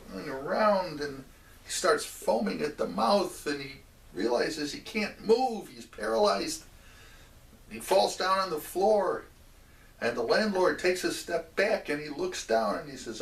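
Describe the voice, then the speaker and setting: A man telling a religious story in a measured way, stopping for asides to the listener. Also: on the high side, big pitch swings, creaky. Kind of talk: oral storytelling of a religious tale. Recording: roomy echo, mic at a distance.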